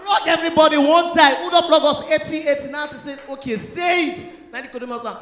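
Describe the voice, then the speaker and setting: A man with a Nigerian Pidgin accent doing a loud, animated stand-up set, mixing Pidgin and English. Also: extremely high pitch, fast talker, hardly any pauses, some chatter behind, slight background noise. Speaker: stand-up comedian. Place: church hall stage. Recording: echoey hall with long reverb.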